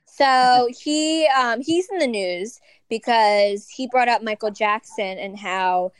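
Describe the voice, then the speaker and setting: A woman's voice: a little high, takes it slowly, smooth, no room sound. A woman co-hosting a podcast, chatting breezily and sassily about celebrity news. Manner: breezy, sassy gossip. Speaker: podcast co-host. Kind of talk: casual gossip chat.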